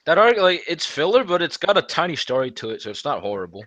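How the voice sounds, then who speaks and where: A man's voice: a little high, very animated, fast talker, a bit bright, no room sound. A young man in casual chat, easygoing and agreeable, with hesitant fillers.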